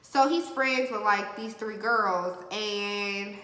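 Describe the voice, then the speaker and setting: Bright-voiced young woman telling a story. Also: medium pitch, takes it slowly. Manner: animated, slangy storytelling with lively quoted voices. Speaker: vlogger. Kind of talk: casual storytime while doing makeup. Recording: echoey room with long reverb.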